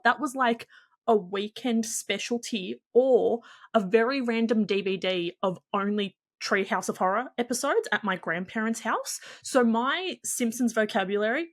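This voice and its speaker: Australian woman guest, fairly high voice, eager and chatty, on a video call. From Victoria, Australia. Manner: enthusiastic, chatty, animated storytelling. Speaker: guest expert. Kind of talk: casual podcast chat.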